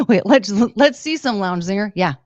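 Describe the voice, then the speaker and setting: A young woman chats playfully on her livestream and reads out viewer donations with a teasing, jokey manner. Her voice sits at a middling pitch. The recording is dry and slightly dull, with no room sound. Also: expressive, a little slow, dry recording. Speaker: livestream host. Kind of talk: casual livestream chat.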